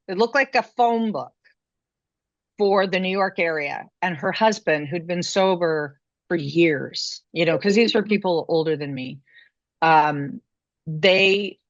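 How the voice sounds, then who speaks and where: Lower-voiced woman telling a story, muffled. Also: no echo. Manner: chatty, many "you know" and "like" fillers, laughs mid-story. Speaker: podcast guest. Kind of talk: casual storytelling interview. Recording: muffled lo-fi dry remote audio.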